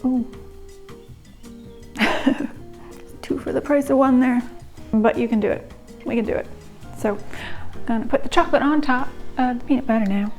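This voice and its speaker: A woman's voice: high-pitched, normal speed, long pauses, darkish tone, soft background music. Chatty young woman cooking at home. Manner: chatty, giggly, rambling asides. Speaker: home cook vlogger. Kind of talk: casual cooking vlog.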